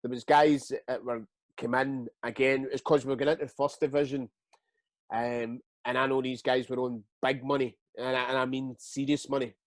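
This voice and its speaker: A Scottish man in his forties, a guest telling stories in a casual interview, halting and repeating words as he goes. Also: medium pitch, no echo. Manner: lively storyteller. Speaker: guest, retired footballer.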